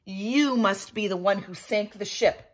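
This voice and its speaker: A woman voicing a bold, cheeky young female pirate princess in a storybook reading, pitched high and commanding. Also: measured pace, close to an everyday voice. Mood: brash. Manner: brash, commanding.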